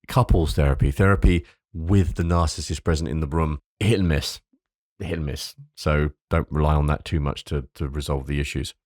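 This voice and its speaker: A man's voice: rumbling low, a little mellow, no echo, clean studio sound. A man hosting a solo advice podcast. He reads from a script, stumbles over repeated words, and drops into casual asides, sometimes with a swear. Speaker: podcast host.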